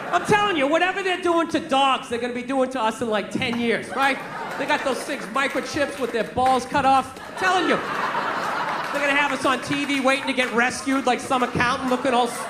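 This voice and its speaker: High-pitched ranting stand-up comedian. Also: male voice, fairly quick. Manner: profane, exasperated ranting. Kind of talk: stand-up rant. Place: comedy club stage. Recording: echoey club with crowd and noise.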